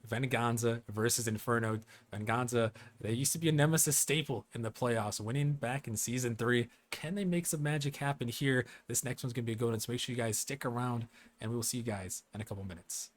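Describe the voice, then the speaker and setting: A man's voice: medium pitch, quick pace. A man casting an esports playoff stream, hyping the next match to viewers in a casual, upbeat way. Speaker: esports caster. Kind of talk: casual play-by-play commentary.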